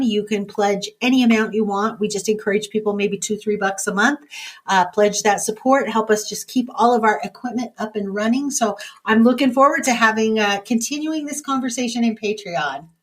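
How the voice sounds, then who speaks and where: A woman hosting a podcast, chatting casually with a guest and running the sign-off in an upbeat way. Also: fairly high pitch. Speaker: podcast host. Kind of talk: casual chat. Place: indoor room with a guest and small audience.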